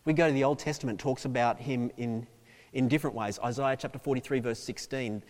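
A man's voice: medium pitch, steady tone, a little fast. Preaching man in a reverberant hall. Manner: dynamic preaching, swings from loud emphasis to hushed asides. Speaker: pastor. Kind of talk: sermon.

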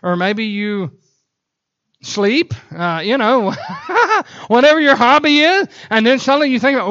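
A man preaching a sermon in a church, telling animated stories broken up by sudden whoops. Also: extremely high pitch, moderate pace, muffled recording. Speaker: pastor. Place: church sanctuary.

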